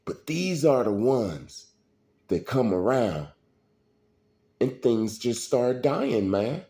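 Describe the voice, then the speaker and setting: A middle-aged man, telling stories in a slow, preachy street style. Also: mid-range voice, big pitch swings, dark tone. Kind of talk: casual storytelling monologue.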